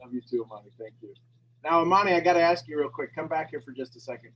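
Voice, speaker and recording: A man's voice: a little high, very fast, a bit bright, dull audio. A man hosting a morning call, talking in a rambling, emotional and affectionate way. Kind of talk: casual heartfelt chat.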